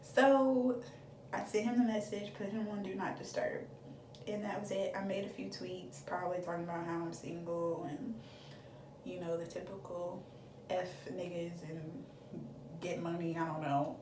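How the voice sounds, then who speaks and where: A woman's voice: lowish voice, fairly even intonation, moderate pace, far from the mic, noisy background. Chatty young woman in an echoey room. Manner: chatty, dramatic storytelling with lots of fillers. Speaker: beauty vlogger. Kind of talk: storytime vlog.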